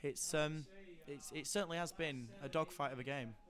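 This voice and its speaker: Slightly high-voiced male sports commentator. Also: normal speed, a loud crowd. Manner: enthusiastic, hesitant with many fillers and restarts.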